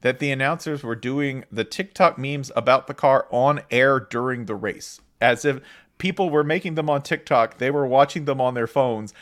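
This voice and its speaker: A man's voice: mid-range voice, normal speed. A man co-hosting a podcast in casual chat, joking and rambling with frequent restarts. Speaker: podcast co-host.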